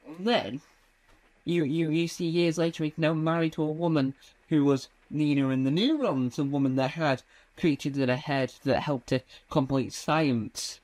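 A man doing a stand-up comedy routine, rambling and halting with many fillers and restarts. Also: fairly high pitch, a little mellow.

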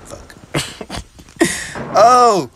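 A man casually commentating his own game, excitable and trash-talking, jumping from high yelps to muttered grumbles. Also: drawn-out words, background noise. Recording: game gunfire and sounds behind voice.

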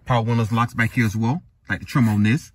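A man's voice: medium pitch, fairly even intonation, quick pace, a little mellow, no echo. Man listing truck features in short phrases. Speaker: car reviewer. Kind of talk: casual car walkaround commentary. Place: car dealership lot and inside a truck.

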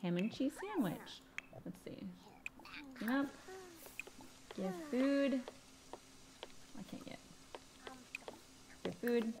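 A woman's voice: a little high, animated, takes it slowly, long pauses. A woman hosting a casual gaming video, talking to herself as she plays, often exclaiming and laughing. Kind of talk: casual let's-play commentary. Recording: background noise.

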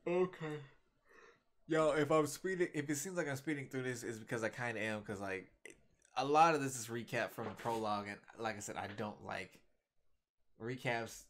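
Slangy animated young man reacting. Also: mid-range voice, moderate pace. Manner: animated, slangy, reads comic lines aloud. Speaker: webcomic reaction YouTuber. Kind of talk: casual reaction commentary. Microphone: desktop USB microphone.

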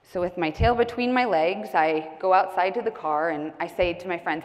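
A young woman giving a comedic, candid personal speech from a conference stage, animated and jokey. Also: fairly low pitch, moderate pace, hardly any pauses. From United States. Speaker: keynote speaker. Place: large conference hall stage. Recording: long hall reverb.

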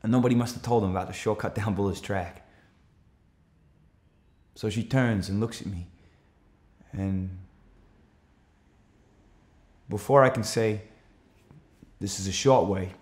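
A man's voice: fairly low pitch, close to an everyday voice. A man playing an anxious, defensive countryman. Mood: urgent. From Australia. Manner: earnest, rising to urgent shouts when retelling the chase. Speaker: actor performing a stage monologue. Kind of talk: theatrical monologue.

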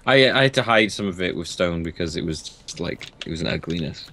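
A man's voice: sits low, animated, brisk, a bit bright, a little hiss or hum. A young man co-hosting a casual gaming chat, teasing and joking, often laughing. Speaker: co-host of a gaming series.

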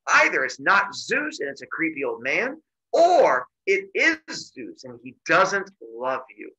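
Guy doing a gossipy old lady goddess in disguise, sly, bright and a bit husky. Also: on the high side, wildly swooping pitch, unhurried, heavily acted, low-quality recording. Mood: conspiratorial. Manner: gossipy, conspiratorial.

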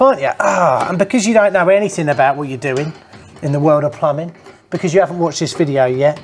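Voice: medium pitch, lively intonation, fast talker. A plumber explaining heating fixes to viewers in a blunt, teasing, jokey way. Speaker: plumber hosting a how-to channel. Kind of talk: casual instructional talk to camera.

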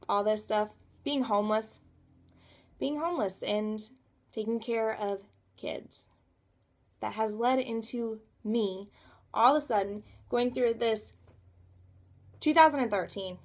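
A woman's voice: on the high side, a little slow. Emphatic woman in a motivational vlog. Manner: emphatic, repeats words for stress. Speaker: coach and realtor.

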